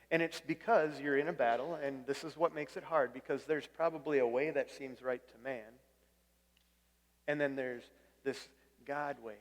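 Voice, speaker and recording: In a large hall, a man gives a conversational sermon as pastor, asking the room questions and repeating words whenever he restarts a phrase. He speaks at a moderate pace in a mid-range voice with fairly even intonation.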